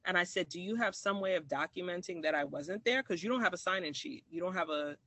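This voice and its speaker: A man's voice: high-pitched, quick pace, sharp tone, no room sound. A man from Maryland telling a personal story in an interview, reflective, with restarts and acted-out quoted dialogue. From Maryland, USA.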